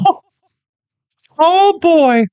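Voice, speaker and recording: A man voicing a hot-tempered cartoon hunter in a high, squeaky voice. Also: lively intonation, warm tone, dry recording, dull audio, exaggerated voice. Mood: indignant. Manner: challenging, taunting, quick to anger.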